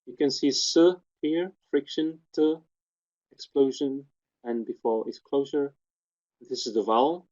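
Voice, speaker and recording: Guy walking thru a technical webinar step by step, mellow darkish voice, muffled lo-fi audio. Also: medium pitch, measured pace. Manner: methodical, pointing out details step by step. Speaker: webinar presenter. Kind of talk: technical lecture walking through spectrograms.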